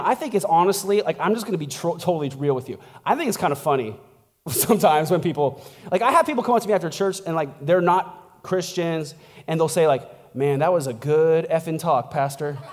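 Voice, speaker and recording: A man's voice: fairly high pitch, in a large hall. A man preaching as a pastor in a casual, conversational sermon, chatty and laughing, tossing in "like" and "right?" as he goes. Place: church.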